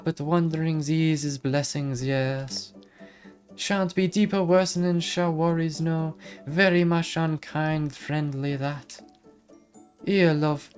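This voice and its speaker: A man's voice: on the high side, darkish tone, pitched above the performer's own voice. A man voicing a bouncy, ancient female fairy in a put-on Irish accent, with dreamy, garbled, old-fashioned phrasing. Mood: tender. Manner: lilting, garbled archaic phrasing.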